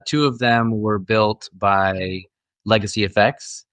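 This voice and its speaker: A man's voice: on the low side, fairly even intonation, takes it slowly, a bit bright, clear, resonant tone, no echo. A middle-aged man, an actor guest, telling stories in a friendly, casual interview chat with frequent restarts.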